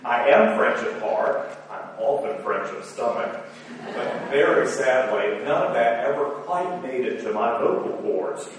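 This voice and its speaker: A man's voice: medium pitch, a little hiss or hum. A man moderating a conference, giving formal remarks with dry self-deprecating humor. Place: lecture hall. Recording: roomy hall from far off.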